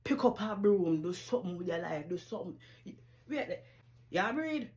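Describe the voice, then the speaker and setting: A woman playing a scornful Jamaican mother who briskly and sarcastically scolds her lazy child. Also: mid-range voice, expressive, a little mellow, close to an everyday voice. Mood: scolding.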